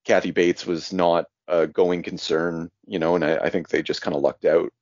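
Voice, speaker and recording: A man's voice: low-pitched, steady tone, moderate pace, a little mellow, no room sound. A man co-hosting a podcast in casual chat, rambling and hedging with a wry edge, recorded dull and dry. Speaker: podcast co-host.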